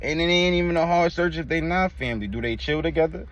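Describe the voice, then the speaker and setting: A man's voice: on the high side, fast talker. A man with a New York accent giving blunt street commentary as host of a reaction video, trailing off at the ends of lines. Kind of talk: casual commentary. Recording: dull lo-fi sound.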